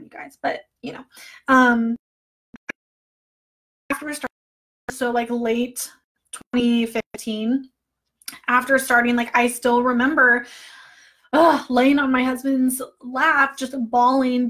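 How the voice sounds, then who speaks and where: A woman's voice: high voice, steady tone, normal speed. Chatty, emotional woman coach. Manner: chatty, many fillers, openly emotional. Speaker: online business coach. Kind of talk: casual recorded training talk.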